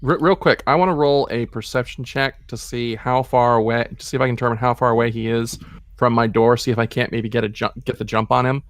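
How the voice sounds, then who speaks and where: A man player in a tabletop game, blunt and joking, who swears freely. His voice has a medium pitch. It is dry and close to the mic. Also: fairly even intonation, fast talker, no room sound. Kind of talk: casual chat.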